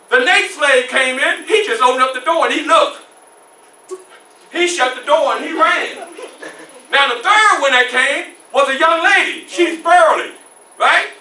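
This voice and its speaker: A male reenactor playing a formerly enslaved man who recounts his youth in an animated one-man stage show, shouting at tense moments, in a library room. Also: very high-pitched, heavily acted. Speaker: historical reenactor. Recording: roomy library room, mic far off.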